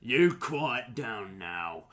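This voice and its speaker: A man voicing a gruff, blunt male dog trainer in a tabletop game. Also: medium pitch, lively intonation, extremely slow, fairly bright tone.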